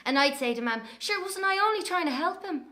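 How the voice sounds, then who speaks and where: A woman's voice: very high voice, brisk, heavily acted. A brash young Irish woman. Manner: brash, scornful, lively storytelling. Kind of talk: audio drama monologue.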